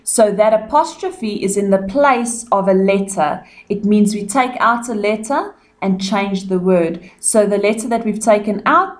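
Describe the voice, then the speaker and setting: A South African woman teaching young children in a recorded lesson. She takes her time over each word and sounds it out clearly and patiently. Her pitch sits at a middle level for a woman.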